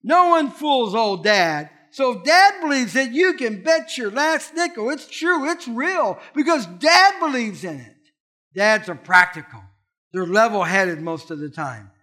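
A high, bright-voiced middle-aged man preaches a sermon. He swings his pitch widely and drives his points home with punchy, emphatic repetition. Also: big pitch swings, measured pace. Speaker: pastor.

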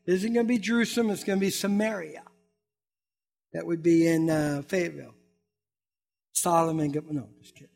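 A man's voice: fairly high pitch, steady tone, fairly quick, gravelly, long pauses, a little mellow. A man preaching a conversational sermon as a pastor, acting out quoted voices and building to emphatic peaks.

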